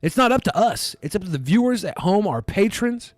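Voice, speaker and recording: A man co-hosts a podcast, laughing often between plugs for supporters. His voice is a little high. He is recorded close and dry, with no room sound. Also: sing-song, fairly quick, no room sound. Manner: laughs easily, plugs patron perks. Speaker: podcast co-host. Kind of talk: casual podcast banter.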